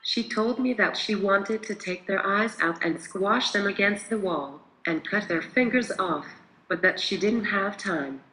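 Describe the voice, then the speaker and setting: Man, dramatic reading of court testimony, steady even delivery, forceful bright tone, roomy echo. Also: high-pitched, a little slow, slight background noise. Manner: reads questions and answers in one steady voice. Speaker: reader reenacting a courtroom closing argument.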